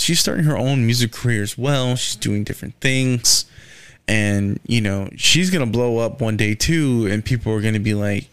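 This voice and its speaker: A man's voice: on the low side, gravelly, fairly bright tone, clear, resonant tone, no room sound. A young man hosting his own podcast, rambling casually with lots of swearing and fillers like "man" and "you know". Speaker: podcast host. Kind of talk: casual solo podcast rant.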